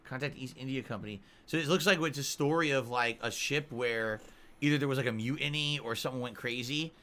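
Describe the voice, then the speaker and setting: A man streaming a game, thinking out loud with curious, casual commentary. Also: mid-range voice, a little fast.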